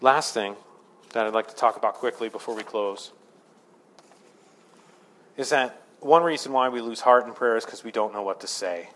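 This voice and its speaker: A man's voice: medium pitch, normal speed, long pauses, a bit bright. A man preaching a sermon as pastor, conversational and self-deprecating, building to fervent emphasis.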